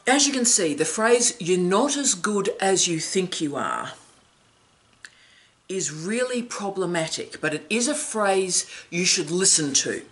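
A woman's voice: low voice, fairly bright tone. A middle-aged woman academic hosting an advice vlog, telling stories emphatically with wry, dry asides.

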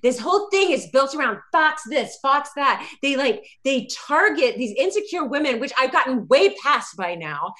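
A woman plays a self-assured young witch in a tabletop game. Her voice is fairly high and close to her everyday tone. She speaks bluntly and matter-of-factly, defensive but unbothered. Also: big pitch swings, moderate pace, few pauses, pushed and bright, heavily acted. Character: brash self-assured young witch, former college rival.

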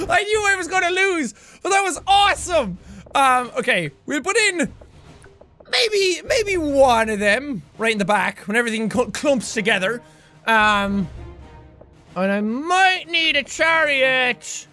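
An Irish man narrates a game with a very high, bright voice that leaps around in pitch. He gets loud fast and yells and curses at the screen. Soft music plays under him. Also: sing-song. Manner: loud, swings to shouting and cursing. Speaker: gaming YouTuber. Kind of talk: excitable let's play commentary.

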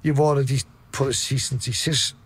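A debt collector from Liverpool, England, tells a story as a podcast guest in a Liverpool accent, blunt and full of swearing. His husky voice is medium-pitched, with a steady tone at normal speed.

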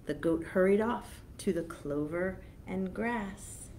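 A woman children's librarian reading a picture book aloud slowly and expressively, pausing to explain each foreign word. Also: fairly low pitch, background noise.

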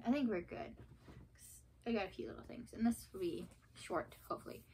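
A woman's voice: medium pitch, animated, fast, a little mellow, slight background noise, low-quality recording. Rambling, gushing young woman vlogger. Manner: rambling and gushing, with many fillers. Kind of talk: casual chat.

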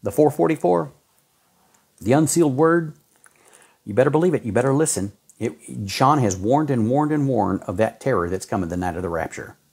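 A man preaching a fervent sermon, folksy and exhorting, with sudden jumps in pitch as he reads scripture. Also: lively intonation, moderate pace, vocal fry, a little mellow, slightly rough. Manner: folksy, says y'all and man.

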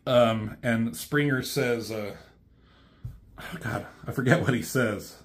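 A man's voice: medium pitch, slow. Rambling man retelling a comic. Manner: rambling, many fillers, swears. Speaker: reviewer.

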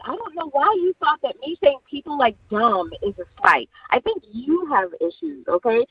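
A woman's voice: high-pitched, very animated, normal speed, few pauses, dry recording. A woman calling in to a radio show, hesitant and stammering, heard over a phone line. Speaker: caller. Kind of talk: call-in talk.

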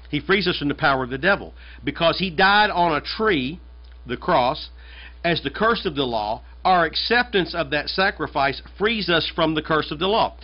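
A man from the United States, a pastor, preaching a conversational and emphatic sermon, often repeating his phrases. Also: on the high side. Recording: dull lo-fi sermon recording.

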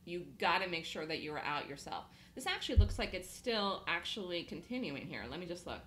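A woman's voice: fairly low pitch, sing-song, brisk, echoey room, a little hiss or hum. A woman coaching a trading student in a live lesson, emphatic and repeating her points.

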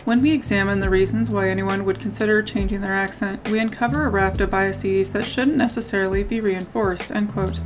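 A woman narrating a scripted video essay in a measured way, often reading out quotes. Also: medium pitch, fairly even intonation. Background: background music.

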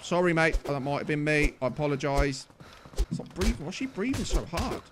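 A young man with a British accent, commentating his gameplay with cheeky humour and getting loud and exasperated when ignored. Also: a little high, lively intonation, normal speed, background noise. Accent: British English. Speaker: gaming YouTuber.

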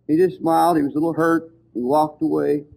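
Fervent high-voiced male preacher. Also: little pitch movement, a little fast, gravelly, a little mellow, low-quality recording. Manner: storytelling, fervent and emphatic. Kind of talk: sermon.

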